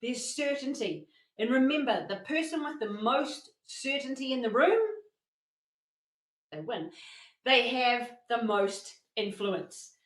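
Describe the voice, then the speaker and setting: A woman with a fairly high voice presents a motivational masterclass. She tells her stories with plenty of energy and acts out what people said. The room around her has a noticeable echo. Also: slow pace. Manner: animated storytelling with acted-out quotes. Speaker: workshop presenter.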